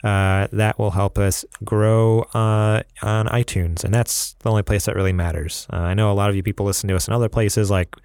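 A man's voice: on the low side, fairly even intonation, fairly quick, few pauses, a little mellow, smooth, no room sound, clean studio sound. A man from upstate New York co-hosting a casual podcast, chatting and reading plugs with frequent laughs. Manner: laughs often, reads plugs with rambling asides. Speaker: podcast co-host.

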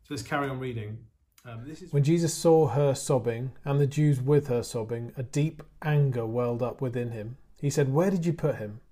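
An earnest male pastor delivering a sermon at a mid pitch. His voice sits a little mellow and warm, and he speaks with steady, reflective pauses. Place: online church service.

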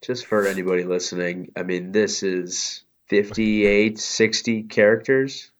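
A man co-hosting a casual podcast, explaining things in a plain, deadpan way. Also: on the low side, measured pace. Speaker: podcast co-host.

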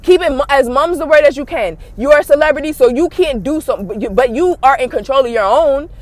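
A woman podcast host, ranting bluntly and profanely in animated commentary. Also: high voice, quick pace, dry recording.

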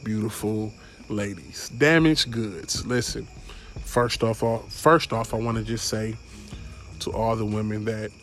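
A man's voice: on the low side, a little slow, fairly bright tone, a little hiss or hum. A young man hosting a casual solo podcast, rambling and stumbling over his words with frequent swearing. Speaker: podcast host.

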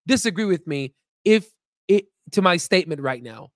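A man hosting a stock market video in casual screen-share commentary, rambling and repeating himself, emphatic and excitable as he promotes his own work. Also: high voice, moderate pace, dry recording, clean studio sound.

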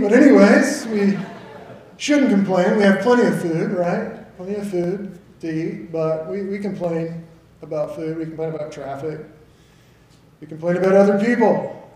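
A man's voice: sits high, mellow, roomy sound, poor audio. A man in his thirties from the American South, preaching a conversational sermon and often checking in with the congregation. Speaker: pastor.

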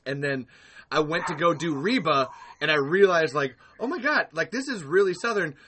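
A man chatting casually as a podcast guest, animated, profane and quick to laugh. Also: fairly high pitch, slight background noise. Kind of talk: casual chat.

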